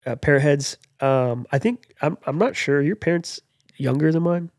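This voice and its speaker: A man's voice: a little high, normal speed, a little mellow, no echo, studio quality. A young man hosting a podcast in casual chat, rambling with lots of fillers and jokes. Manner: rambling, filler-heavy, joking. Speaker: podcast host.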